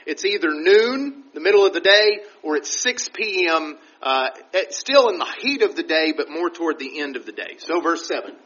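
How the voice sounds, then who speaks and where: A man's voice: on the high side, lively intonation, moderate pace, hardly any pauses, a bit bright. A man teaching the Bible verse by verse, reading scripture aloud and then explaining it conversationally. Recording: dull, roomy recording from a distance.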